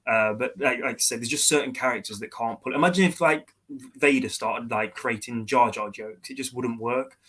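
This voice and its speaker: Man, animated rant, mocking impressions, middle pitch, casual video-call chat. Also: normal speed, husky, rough recording. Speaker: podcast co-host.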